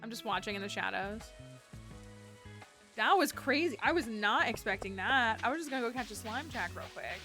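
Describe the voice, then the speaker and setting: Excitable woman streaming a game. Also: a little high, moderate pace. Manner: excitable, chatty, lots of fillers. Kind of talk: casual gameplay commentary. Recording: game music behind.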